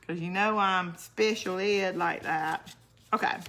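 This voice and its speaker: A woman's voice: lowish voice, steady tone, a little slow, fairly bright tone. A woman hosting a casual crafting livestream. She chats to her viewers, laughs often and answers their comments as she works. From northern United States. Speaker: crafting channel host.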